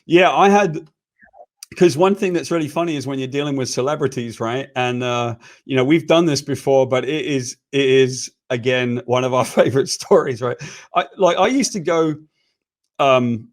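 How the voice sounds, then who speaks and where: A man's voice: medium pitch, normal speed. A British man co-hosting a casual chat, telling anecdotes with lots of "right?" and laughter, over a video call. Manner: chatty storyteller, frequent "right?" and laughs. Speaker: co-host.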